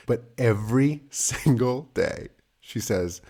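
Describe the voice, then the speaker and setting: A man's voice: lowish voice, a little slow. A man in his thirties co-hosting a casual parenting podcast, telling stories with lots of laughter. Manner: animated storytelling, laughs often. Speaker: podcast co-host. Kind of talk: casual chat.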